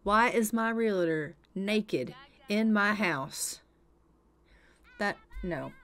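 A woman's voice: mid-range voice, expressive, very slow, fairly bright tone. A young woman giving chatty, exasperated and dramatic commentary over a life-sim game. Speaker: let's play host.

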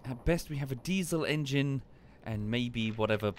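A man casually commenting on a live game stream and explaining history at length in a relaxed, wry way. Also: mid-range voice, moderate pace, a little hiss or hum.

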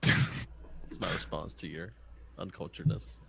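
A man's voice: deep voice, measured pace, vocal fry, a bit bright, slight background noise. An American man teasing a friend with dry jokes while they play a game together. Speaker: co-player. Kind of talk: casual gaming banter.

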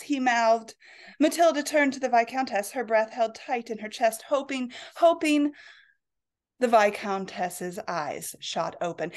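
A woman author reading her own historical romance aloud in a lively, expressive storytelling voice. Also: fairly high pitch, moderate pace. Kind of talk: storybook narration.

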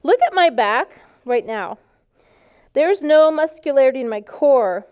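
Upbeat high-voiced woman leading yoga. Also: lively intonation, a little slow, phone-quality sound. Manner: upbeat, playful, cue-giving. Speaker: yoga teacher trainer. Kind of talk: live yoga teacher training class.

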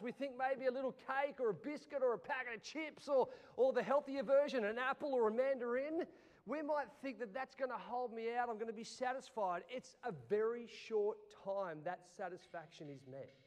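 High-voiced pastor in a reverberant church. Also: male voice. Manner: animated, swings from loud to hushed. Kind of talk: sermon. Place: church hall.

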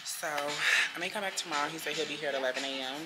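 A woman's voice: low voice, quick pace, loud music behind the voice. A woman vlogging casually into her phone while walking around a shopping market, blunt and profane. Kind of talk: casual vlog chat. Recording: loud background noise.

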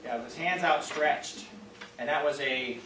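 Heard through a distant mic in a roomy church classroom with faint hiss, a Midwestern pastor speaks at a measured pace in a medium-pitched voice. He leads an interactive Bible class conversationally, with lots of fillers and questions for the group.

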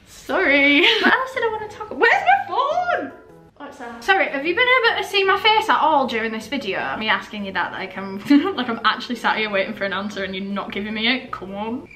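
Brief: twenties woman, Yorkshire accent worn southern, bright chatty vlogger in an echoey room. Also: fairly high pitch, expressive, quick pace, hardly any pauses, faint music behind. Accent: Yorkshire, softened by a southern English accent. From Yorkshire, England. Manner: chatty, self-mocking, talks to camera while doing makeup. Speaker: YouTuber. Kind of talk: casual get-ready-with-me chat.

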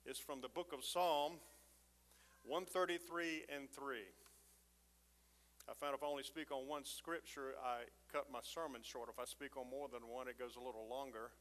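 Rhyming preacher in a reverberant church. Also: male voice, medium pitch, fairly even intonation, normal speed, a bit bright. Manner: call-and-response preaching, rhyming lines, building intensity. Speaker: pastor. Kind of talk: sermon. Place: church sanctuary.

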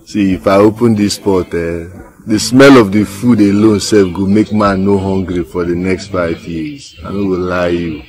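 A man's voice: low voice, steady tone, normal speed, hardly any pauses, a little mellow, lightly acted. An actor playing a boastful man bragging about his importance in a Nigerian accent. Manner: boastful, pleading. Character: boastful young man who calls himself a big leader.

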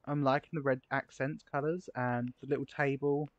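A man's voice: mid-range voice, no echo. Guy gushing over game builds, gasping a lot, dry dull-sounding mic. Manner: excitable and gushing, quick gasps and exclamations. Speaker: game video creator touring player builds. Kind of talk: casual gameplay commentary. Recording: slightly dull, lo-fi recording.

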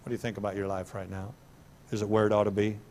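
A middle-aged male pastor preaching a sermon in a church, breaking into sudden loud, high bursts of emphasis. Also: level tone, fast talker, slight background noise. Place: church sanctuary.

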